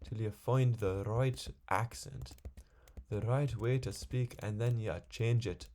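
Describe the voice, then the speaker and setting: Man putting on a high, loud pep-talk voice. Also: fairly even intonation, slow, a little hiss or hum. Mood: encouraging. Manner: exaggerated, high and loud, sing-song encouragement. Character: his own singing voice personified, a man giving pep-talk advice.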